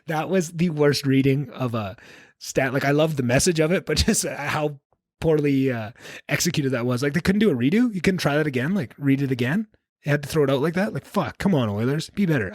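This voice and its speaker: A man's voice: medium pitch, dry recording, clean studio sound. A man hosting a solo podcast, talking bluntly and with a lot of swearing as he rambles through his opinions. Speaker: podcast host.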